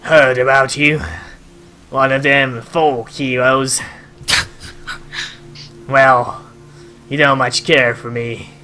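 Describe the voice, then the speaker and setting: A man voicing a blunt, mercenary ship captain who talks rough and curt. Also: mid-range voice, little pitch movement, extremely slow, pauses often, pushed and bright, soft background music. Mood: dismissive. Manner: blunt, rough-spoken, swears. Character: gruff male sailor, curt and mercenary.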